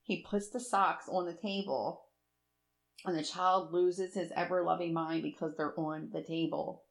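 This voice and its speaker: A woman with a fairly low voice chats casually and tells animated family stories. She laughs often as she talks. She sounds like she is in her forties. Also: measured pace, creaky. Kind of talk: casual chat.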